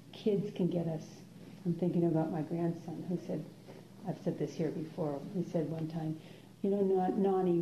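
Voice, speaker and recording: An older woman, a meditation teacher, giving an unhurried, musing dharma talk to a class, with soft laughs and pauses. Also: on the low side, background noise. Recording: roomy, dull lo-fi room recording.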